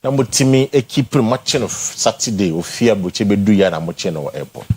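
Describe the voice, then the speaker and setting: A man's voice: on the low side, expressive, fast talker, darkish tone, slight background noise. A Ghanaian man co-hosting a talk show, often interjecting and arguing his point emphatically. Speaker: morning show co-host. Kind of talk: studio debate in Twi and English.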